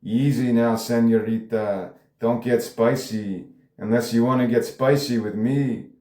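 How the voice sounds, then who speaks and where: A man's voice: medium pitch, fairly even intonation, a little slow, warm tone, natural voice. A man reading a smug, taunting male cartel member in his forties, in a script table read. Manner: taunting, mocking. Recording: roomy echo.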